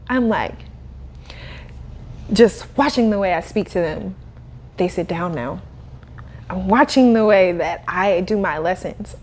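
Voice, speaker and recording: A young adult woman, a guest in a casual interview, telling her story in a lively way, laughing and acting out what people said. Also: mid-range voice, measured pace, long pauses, a little hiss or hum. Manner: animated, laughing, acts out quoted dialogue. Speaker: guest, cleaning business owner.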